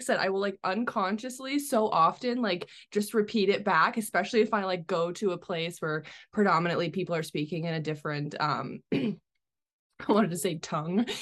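A woman guesting on a podcast, giggly and rambling, with lots of "like" fillers. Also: mid-range voice. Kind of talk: casual podcast chat.

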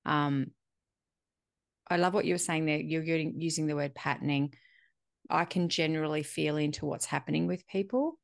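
A woman's voice: low-pitched, steady tone, normal speed, vocal fry, dry recording, studio quality. A middle-aged woman, chatting candidly and reflectively, swearing casually and acting out bits of dialogue. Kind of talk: casual conversational chat.

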